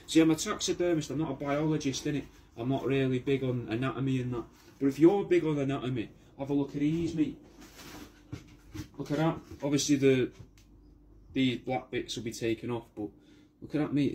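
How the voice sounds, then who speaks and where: A comedy vlogger playing a taxidermist rambles casually to camera in a mid-range, dark-toned voice, with slight background noise. His monologue is packed with restarts, swearing and "mate".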